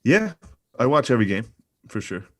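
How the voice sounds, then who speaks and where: A man's voice: medium pitch, sing-song, normal speed. A man from Philadelphia, a podcast guest, dropping blunt, joking asides in casual chat.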